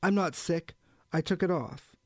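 A man's voice: fairly high pitch, moderate pace, vocal fry, darkish tone, slightly rough, dry recording, studio quality, heavily acted. A man voicing an earnest, slightly anxious male copy clerk in his forties. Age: 40s.

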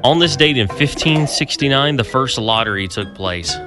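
A man co-hosting a casual radio show, animated and chatty, his voice jumping up when excited. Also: mid-range voice, moderate pace, over music. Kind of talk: casual morning show chat.

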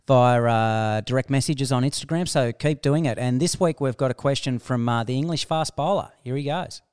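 Dry, cheeky co-host. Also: male voice, mid-range voice, normal speed, darkish tone, clear, resonant tone, no echo. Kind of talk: casual sports chat.

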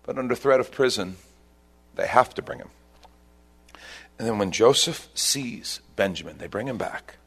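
A man preaching a sermon, retelling a scripture story and leaping up in pitch at its dramatic turns. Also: measured pace, long pauses, husky. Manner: animated storytelling, voice rising sharply at dramatic points. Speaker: pastor.

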